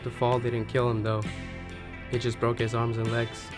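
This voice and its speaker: A man plays a haunted, brooding drifter speaking in film voice-over. His delivery is flat and even, reflective and unhurried, with guitar music clearly heard underneath. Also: mid-range voice, lightly acted. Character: brooding male wandering drifter.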